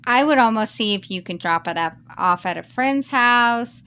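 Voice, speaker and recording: A woman's voice: fairly high pitch, animated, moderate pace, bright, forceful tone, clean tone. A woman who reads a Reddit post aloud and then reacts to it in a heated, emphatic rant. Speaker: YouTuber reading Reddit posts.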